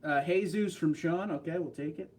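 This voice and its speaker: A man from New York hosts a livestream, chatting and joking as he reads out viewer comments. His New York accent runs through his speech, and his voice sits a touch higher than most men's. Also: normal speed, a little mellow. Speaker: livestream host. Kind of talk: casual livestream chat, reading comments.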